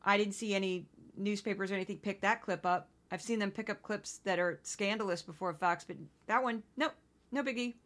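A woman from Missouri hosts a solo commentary podcast. Her voice is bright and forward, and her middle pitch sits in the usual range. She speaks in an indignant, conversational way and keeps breaking off into quick asides. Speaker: podcast host.

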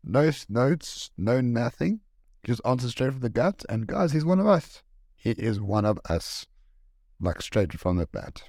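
A man's voice: medium pitch, very animated, unhurried, gravelly, darkish tone, no room sound, studio quality. A man co-hosting a podcast, chatting casually and enthusiastically, with lots of rambling "like"s. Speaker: podcast co-host.

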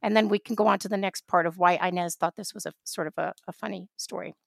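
A woman's voice: fairly low pitch, fast, gravelly, dry recording. New york woman on a podcast, chatty storyteller, keeps restarting sentences, dry close mic. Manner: storytelling, animated, many restarts. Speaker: podcast co-host. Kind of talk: casual podcast conversation.

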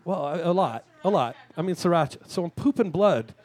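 Crude self-mocking man on stage, lively pitch. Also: brisk. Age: 30s. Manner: crude, self-mocking, bursts into shouted rants. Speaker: talk show host. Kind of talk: stand-up style monologue. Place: live venue stage.

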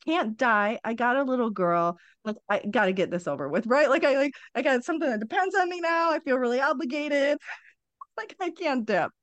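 A middle-aged woman, a podcast guest, telling her story in a candid, conversational way. She is blunt and animated, swears freely and laughs her way through hard memories. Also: sits high, a little fast, no echo.

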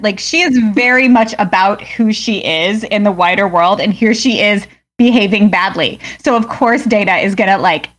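A woman co-hosting a casual podcast chat, animated and laughing often. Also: mid-range voice, moderate pace, few pauses. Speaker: podcast co-host, Star Trek veteran.

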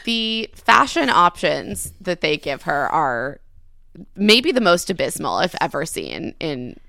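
A woman's voice: low voice, big pitch swings, slow pace, gravelly, sharp tone, no room sound. A woman making wry, sarcastic remarks in casual chat about a movie. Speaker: podcast co-host.

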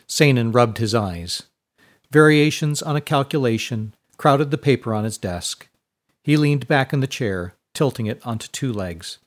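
A man reading a scripted story aloud in an even, measured way. His voice sits at an ordinary pitch, and he delivers the narration steadily as an audiobook.

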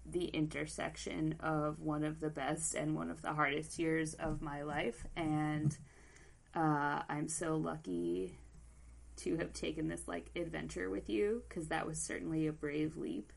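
A woman's voice: low voice, flat delivery, takes it slowly, creaky, rough recording. A woman co-hosting a podcast, talking in a rambling, earnest, self-deprecating way while near tears. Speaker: podcast co-host. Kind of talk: casual chat.

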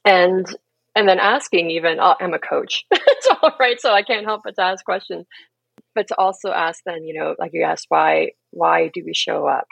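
A woman coach, gentle and earnest, talks reflectively as a podcast guest at a normal speed, laughing easily and leaning on "right?" and "you know." Her lowish voice has a gravelly, husky edge. The recording is rough, close and dry, with no room sound at all.

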